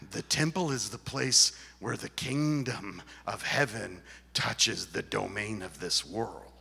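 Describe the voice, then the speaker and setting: A man preaching a sermon in a church, his delivery swinging from loud emphasis to a near-whisper. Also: lowish voice, slow pace, creaky, breathy edge. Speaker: pastor. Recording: reverberant hall.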